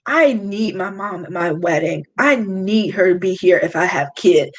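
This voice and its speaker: A woman's voice: on the low side, lively intonation, measured pace. A woman, confiding in casual chat, emotional, sighing often. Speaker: beauty vlogger. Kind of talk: casual chat reading live comments.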